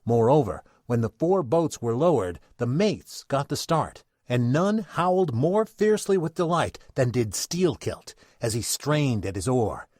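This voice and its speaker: A man tells a classic sea tale in a theatrical old-time radio style, his pitch rising and falling a great deal. The voice sits close and dry, with no room sound. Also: measured pace, hardly any pauses, no room sound. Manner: theatrical, expressive storyteller. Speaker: narrator.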